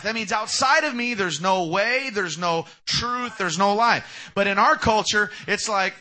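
Young male pastor, sermon delivery, high and very bright voice, emphatic. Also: lively intonation, moderate pace. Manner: emphatic preaching, acts out quoted speakers.

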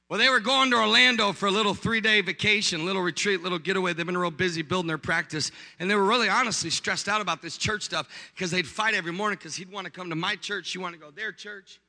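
A pastor preaching with animated, punchy storytelling and comic timing. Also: male voice, high-pitched, fast, creaky, in a large hall. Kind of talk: storytelling sermon.

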